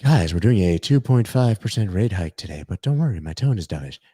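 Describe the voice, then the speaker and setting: Man playing a gentle, soothing banker, low-pitched. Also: very animated, brisk, slightly rough. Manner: soft, reassuring, gentle. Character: calm, soothing central banker announcing rate hikes.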